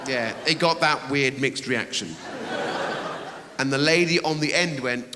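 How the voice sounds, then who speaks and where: A man doing a stand-up comedy set on a theatre stage, teasing the audience and bursting into shouted high voices. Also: measured pace, pauses often. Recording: reverberant hall with loud audience noise.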